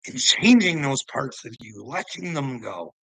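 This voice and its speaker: Male vlogger, gravelly and bright-edged, preachy and taunting, rambling monologue, dry close mic. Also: medium pitch, big pitch swings, unhurried, no echo, rough recording. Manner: preachy and taunting, jumps between topics, laughs to himself. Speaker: vlogger answering commenters. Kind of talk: casual rambling monologue to viewers.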